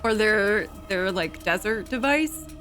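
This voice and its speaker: A woman's voice: medium pitch, slow, faint music behind. A woman playing a tabletop game, chatting casually and giggling often. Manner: giggly, lively. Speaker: player.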